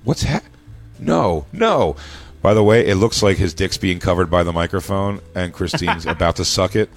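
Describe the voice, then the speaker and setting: A man's voice: low voice, lively intonation, normal speed, faint music behind. An American man co-hosting a podcast, trading crude jokes and laughing often in casual banter. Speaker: podcast co-host. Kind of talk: casual studio chat.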